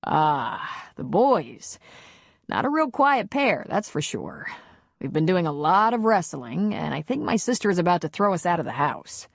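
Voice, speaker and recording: Woman playing a low-voiced, teasing romance hero, slow and flirty. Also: very animated, gravelly, no room sound, studio quality, full character voice. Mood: amused.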